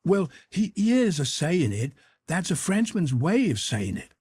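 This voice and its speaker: A man's voice: fairly high pitch, very animated, a little slow, darkish tone, slightly rough, voice pushed up, exaggerated voice. A man reading an audiobook, voicing a curious young boy who reasons earnestly and asks pointed questions. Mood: reasoning.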